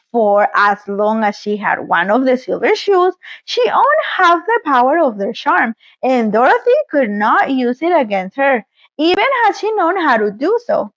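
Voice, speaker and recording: Woman host, storybook reader; high and lively, playful asides, dry lo-fi sound. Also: no echo. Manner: animated, playful commentary. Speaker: host reading a story aloud. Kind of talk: expressive storybook reading with commentary.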